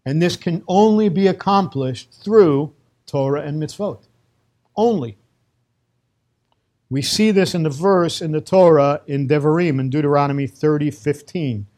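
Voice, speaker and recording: A man's voice: a little high, unhurried, darkish tone. A middle-aged man from Brooklyn with a New York accent, giving an emphatic, conversational religious lecture on Torah with Hebrew terms mixed in. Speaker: Torah teacher.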